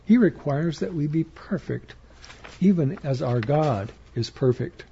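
A man preaching a slow, measured sermon in an earnest, emphatic manner. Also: on the high side, animated, gravelly, mellow, a little hiss or hum. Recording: dull lo-fi recording.

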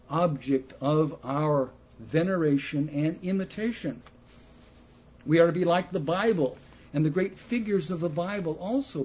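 A man preaching a sermon slowly and emphatically, putting rhetorical questions to his listeners. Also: a little high, a little mellow, breathy edge. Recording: muffled lo-fi recording.

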